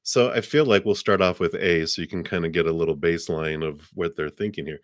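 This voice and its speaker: A man's voice: low voice, brisk, no room sound, clean studio sound. A middle-aged man hosting a live tarot card reading, chatting casually with viewers and thanking donors. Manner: relaxed and chatty, thanks donors, many fillers.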